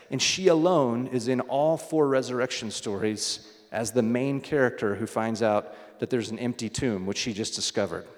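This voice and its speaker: A man preaching a sermon as pastor, in a loose conversational way, telling stories between readings. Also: medium pitch. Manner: conversational, storytelling with small restarts. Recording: long hall reverb.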